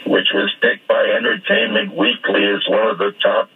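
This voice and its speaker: An older man telling playful stories as a radio guest, whimsical and given to sudden high squeaky bursts. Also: sing-song, moderate pace, creaky, hardly any pauses, slightly rough. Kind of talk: playful anecdotal storytelling. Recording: phone-like radio line.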